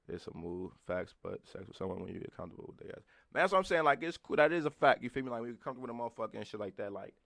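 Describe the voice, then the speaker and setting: This is a young man in his twenties co-hosting a podcast. He talks at a quick clip in a fairly low, creaky voice, swearing, laughing often and calling out to the live chat. The recording is dry and close, with little room around it.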